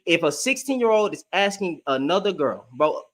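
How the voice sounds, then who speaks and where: A man's voice: sits high, big pitch swings, normal speed, a bit bright. A young man hosting a heated live debate, ranting fiercely and cursing freely. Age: young adult. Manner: fiery, profane, ranting.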